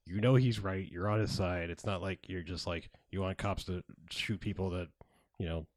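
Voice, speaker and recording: Low-voiced man musing on a podcast. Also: steady tone, moderate pace, a little mellow, no echo, clean studio sound. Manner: musing, hedging with lots of "you know" and "like". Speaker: podcast co-host. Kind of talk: casual movie-review chat.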